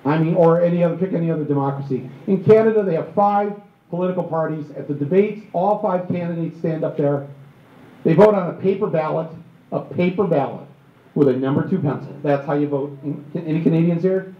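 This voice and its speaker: A man's voice: fairly high pitch, fairly quick. A middle-aged man from Michigan giving a comic political talk to a live audience, joking and acting out little voices and asides. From Michigan, USA. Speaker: speaker at a book tour event. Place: auditorium with an audience. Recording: echoey hall, slightly dull live recording.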